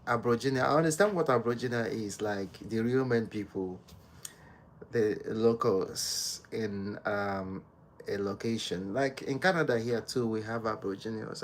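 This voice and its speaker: A Nigerian-born man hosting a casual live stream from home, greeting viewers by name and chatting with them in a soft, unhurried way. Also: fairly low pitch, a little hiss or hum. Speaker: livestream host.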